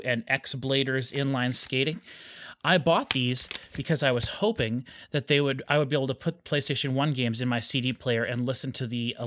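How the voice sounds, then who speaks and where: A man's voice: medium pitch, fairly bright tone, no room sound, clean studio sound. A man hosting a casual home video, talking in a rambling way with lots of small hesitations. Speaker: YouTube host. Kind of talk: casual vlog chat.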